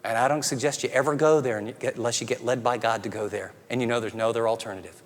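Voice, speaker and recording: A man's voice: mid-range voice, fairly even intonation, fast. Earnest pastor man in a reverberant hall. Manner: earnest and conversational, dropping soft and tender. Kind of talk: sermon. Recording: long reverb of a large hall.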